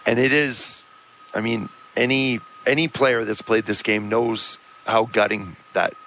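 A former defensive football player talking football in an animated, emphatic way on a sports talk show. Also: male voice, on the low side, unhurried, a little hiss or hum, rough recording.

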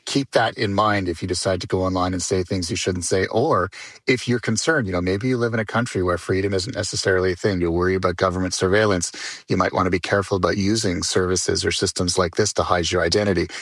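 A man appearing as a guest on a talk show, explaining tech news in a measured, explanatory way. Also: sits low, a bit bright, no room sound, clean studio sound. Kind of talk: casual talk show chat.

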